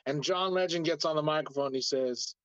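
A man's voice: a little high, fairly quick, no echo, highs cut off. A man hosting a casual conversation, telling a story in a rambling way with lots of filler words.

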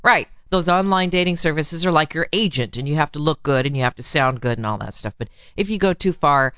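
Frank, animated woman giving advice. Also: low voice, brisk, smooth, no echo, highs cut off. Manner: frank, animated, laughs easily. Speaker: advice show host. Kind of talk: relationship advice talk.

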